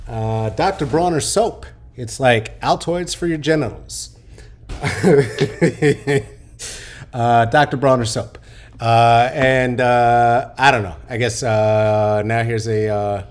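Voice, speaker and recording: A man's voice: mid-range voice, slow pace. A man in his late forties hosting a podcast unscripted, joking and rambling with many ums and restarts. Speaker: podcast host. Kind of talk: casual unscripted podcast talk.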